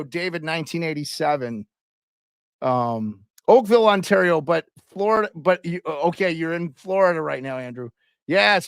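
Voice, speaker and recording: A man's voice: high voice, creaky, fairly bright tone, no room sound, studio quality. A man hosting a casual live hockey stream, chatting loosely and calling out viewers and their locations. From Canada.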